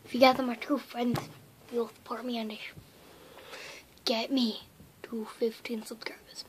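A woman vlogging casually to camera, hyper and playful, swinging between loud pleas and whispers. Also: fairly high pitch, level tone, unhurried, slight background noise.

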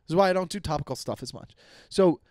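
A young man rants on his comedy podcast in a slightly high voice, swearing freely and tripping over his own sentences as he restarts them. The sound is close and dry, with no room around it. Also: expressive, fast talker, darkish tone, dry recording. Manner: profane, rambling with many restarts. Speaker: podcast host. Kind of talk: casual comedic rant.

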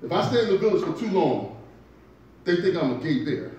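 A man doing a stand-up comedy set in a club, telling stories with deliberate delivery and punchy asides. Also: fairly high pitch, sing-song, dull audio, heavy background noise. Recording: echoey club from far off.

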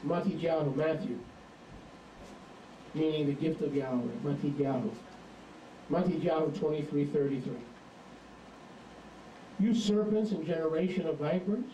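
A man preaching a sermon in an emphatic, animated storytelling manner, recorded from a distance in a hall. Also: a little high, slight background noise.

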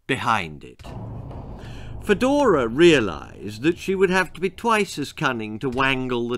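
A man reading his own darkly comic children's story aloud, theatrical and lively, voicing every character himself. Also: mid-range voice, no echo.

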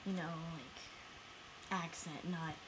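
A woman's voice: low-pitched, very slow. Young woman, teasing chatter, fillers, noisy background. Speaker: co-player. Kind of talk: casual chat. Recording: noisy home recording.

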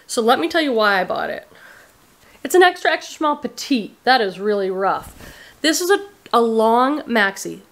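A woman's voice: fairly high pitch, big pitch swings, normal speed. A woman in her thirties chatting casually to camera about her thrift finds, upbeat and full of "like". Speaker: reseller vlogger. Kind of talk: casual haul chat to camera. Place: thrift store and car, indoors and out.

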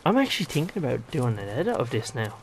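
A gaming vlogger from Ireland in his 20s gives casual gameplay commentary, rambling and exclaiming to himself about a video game. His mid-range voice is very animated, fast and marked by vocal fry, with slight background noise.

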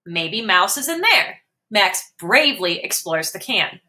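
A woman slowly and expressively reading a picture book aloud for young children. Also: medium pitch. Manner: slow, clear and expressive. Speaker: storyteller.

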